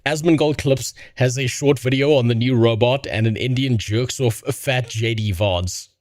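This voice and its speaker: A man's voice: mid-range voice, moderate pace, darkish tone, no echo, clean studio sound. Blunt, profane male streamer. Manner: blunt, profane, laughs at his own jokes. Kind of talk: live reaction commentary.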